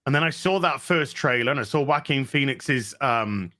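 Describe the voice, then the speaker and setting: Bright-voiced guy cohost, eager, trips over words a little. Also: medium pitch, animated, moderate pace. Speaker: co-host. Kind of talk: casual panel chat.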